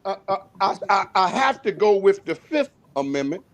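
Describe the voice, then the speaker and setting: A man's voice: high-pitched, very animated, normal speed. A middle-aged man, a former college basketball player, trading boastful jokes as a guest in a casual sports chat, repeating words and laughing often.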